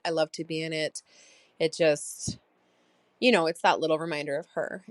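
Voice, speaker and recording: A woman's voice: low voice, no echo. A woman in her thirties hosting a personal diary podcast, reflective and rambling with many fillers. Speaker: podcast host.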